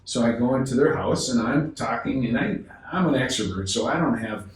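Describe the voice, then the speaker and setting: A man's voice: medium pitch, expressive, a little fast. Man telling a story in an echoey room. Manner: acts out dialogue, frequent restarts. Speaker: podcast guest, sales expert. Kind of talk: animated storytelling. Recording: echoey room, distant mic, faint noise.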